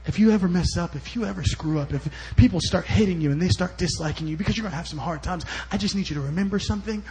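Guest preacher, man, high-pitched, storytelling sermon with loud and soft swings. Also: fast, a little hiss or hum. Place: church service.

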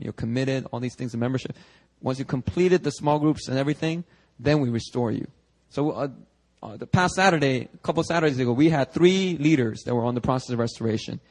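A young male pastor preaching a casual, conversational sermon, animated and full of quick asides and restarts. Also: mid-range voice. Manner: animated, chatty, frequent restarts and asides to the congregation. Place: church sanctuary.

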